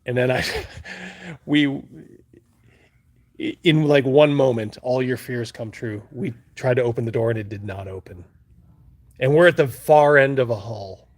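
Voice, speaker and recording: A man's voice: medium pitch, unhurried. A man hosting a live stream, casually telling stories to chat, rambling and laughing as he goes. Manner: rambling, laughing, acts out his own panic loudly. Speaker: livestream host.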